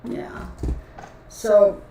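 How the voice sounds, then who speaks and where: A woman's voice: drawn-out words, warm tone. A woman chatting casually with her live viewers as a tarot reader, rambling along and calling them y'all. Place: cluttered home room she works from. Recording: echoey room, voice distant from mic, faint noise.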